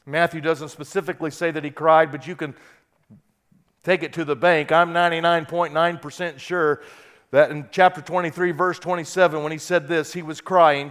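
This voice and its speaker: A man preaching a sermon who reads scripture aloud and swings from quiet, soft passages to loud, impassioned peaks. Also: a little high, steady tone, moderate pace. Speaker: pastor.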